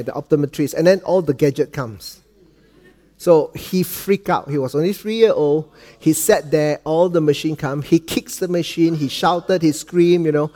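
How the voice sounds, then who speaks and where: Malaysian guy preaching, tells family stories, goes quiet and soft for the heartfelt bits, bit of a higher voice. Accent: Malaysian English. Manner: dips soft and low for quoted lines, cracks dad jokes. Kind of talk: sermon with storytelling.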